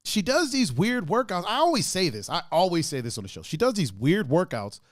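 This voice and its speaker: Man, podcast co-host, joking, lots of laughs, slightly high voice, very animated pitch, dry close sound. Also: dry recording. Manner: jokey, laughs often, acts out quick voices. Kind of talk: casual podcast chat.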